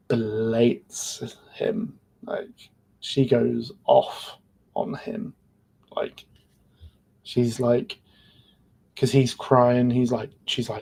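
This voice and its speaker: A man's voice: mid-range voice, gravelly, mellow. A man retelling events of a series in a loose, rambling podcast recap, filling his sentences with "like". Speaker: podcast panelist. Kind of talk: casual episode recap.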